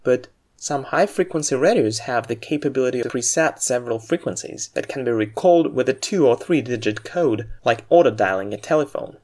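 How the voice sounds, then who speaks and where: A man narrating a scripted language lesson at a middle pitch. He explains each point in a clear, deliberate way, like an instructor walking learners through the material. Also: expressive, darkish tone. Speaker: aviation English instructor.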